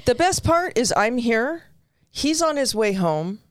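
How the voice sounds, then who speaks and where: A woman in her forties telling a story in casual chat, animated and swearing as she acts out quotes. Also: fairly high pitch, measured pace, no echo, clean studio sound. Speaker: podcast co-host.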